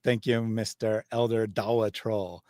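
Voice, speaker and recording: A man's voice: lowish voice, little pitch movement, measured pace, dark tone, no echo. A male livestream host reading viewer super chats aloud. His delivery is casual and sardonic, recorded close and dry with no room sound. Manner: wry, sardonic asides. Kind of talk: casual live chat.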